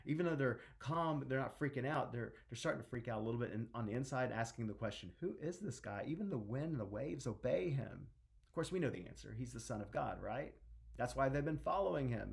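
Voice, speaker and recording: A middle-aged minister preaches in a loose, conversational way, with restarts and acted-out quotes along the way. His voice has a gravelly, creaky grain at an average male pitch. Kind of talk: sermon.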